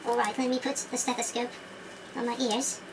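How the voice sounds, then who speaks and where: Woman doing a puppet doctor guy, new on the job, clipped put-on foreign twang, kinda high. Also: little pitch movement, normal speed, recorded from a distance, noisy background, natural voice. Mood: matter-of-fact. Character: new, self-assured male doctor puppet.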